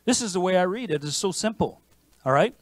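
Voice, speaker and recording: A man preaching a sermon as pastor, in a lively conversational manner with frequent restarts. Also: high voice, brisk, no room sound. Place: church sanctuary.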